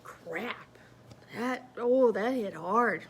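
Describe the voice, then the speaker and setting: A woman's voice: fairly high pitch, a little slow. A woman telling a personal story in a casual, chatty, self-mocking way.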